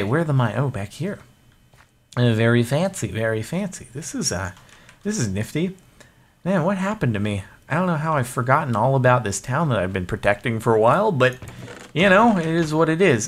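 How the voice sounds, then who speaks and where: A man's voice: mid-range voice, a bit bright. A man casually commentating his gameplay, chatty and self-mocking. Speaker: gaming video host.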